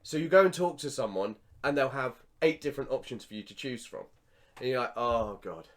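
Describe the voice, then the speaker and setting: A man co-hosting a podcast, telling stories with lively acted-out reactions. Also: medium pitch, fast talker. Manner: animated storyteller, acts out his reactions. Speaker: podcast co-host. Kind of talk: casual chat.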